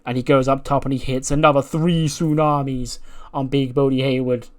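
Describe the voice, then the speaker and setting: A man's voice: medium pitch, normal speed. A man narrates a wrestling management game playthrough like a running story. He talks casually and with energy, and his voice sits in a middle range for a man. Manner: animated storytelling, acting out characters. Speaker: gaming YouTuber. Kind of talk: recounting a wrestling sim playthrough.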